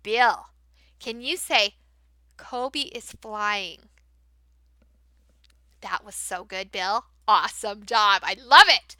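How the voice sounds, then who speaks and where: A woman teacher demonstrating how to run a class for young learners, switching between explaining to other teachers and modeling big, excited praise for kids. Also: medium pitch, takes it slowly, long pauses, dry recording. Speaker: teacher trainer. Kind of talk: training demo, modeling classroom talk.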